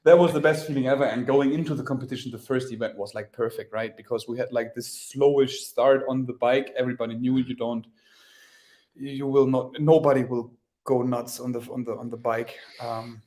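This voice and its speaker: A man's voice: mid-range voice, steady tone, brisk, warm tone. German man chatting in English. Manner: laughs often, searching for English words. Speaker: athlete guest. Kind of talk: casual podcast interview.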